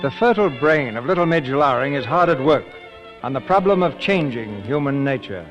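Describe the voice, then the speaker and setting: A male announcer giving measured, formal scripted narration for a 1940s radio drama. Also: medium pitch, animated, muffled recording. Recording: 1940s radio broadcast with loud music. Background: orchestra music.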